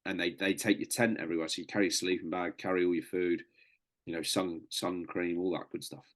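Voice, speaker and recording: Deep-voiced man telling a story. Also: fairly even intonation, a little fast, a bit bright. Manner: swearing, chatty, says "mate" a lot. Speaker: podcast guest. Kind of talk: casual storytelling.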